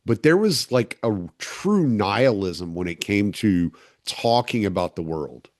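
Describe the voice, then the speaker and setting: A man hosting a relaxed conversation, rambling with lots of filler words. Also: on the low side, measured pace, no room sound, clean studio sound. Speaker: podcast host. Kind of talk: casual conversation.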